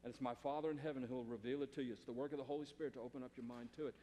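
A man's voice: medium pitch, fairly even intonation, racing, mellow, in a large hall, slight background noise. A male pastor preaching a sermon in a church, emphatic and conversational, often repeating phrases.

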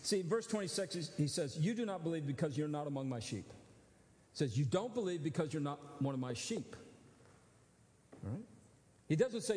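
A man's voice: fairly high pitch, lively intonation, brisk, long pauses, mellow. A man preaching a sermon as pastor, teaching in a conversational way and checking that his listeners follow. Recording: long church hall reverb.

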